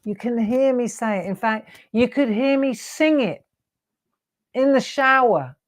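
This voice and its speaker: A woman's voice: fairly high pitch, animated, measured pace. A woman hosting a live craft demonstration, chatting and teasing her viewers with frequent laughs. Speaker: craft show host.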